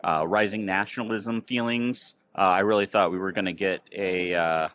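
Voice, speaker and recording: A man's voice: deep voice, fairly even intonation, moderate pace, a bit bright, clear, resonant tone, no echo. An American man hosting a casual podcast chat, telling rambling stories full of ums and uhs. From United States. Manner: rambling, filler-heavy storytelling. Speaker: podcast host. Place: outdoors near a train station.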